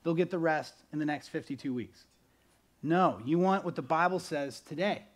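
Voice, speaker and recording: A man preaching a sermon as pastor, animated, swinging between loud bursts and quiet, earnest stretches. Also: a little high, moderate pace.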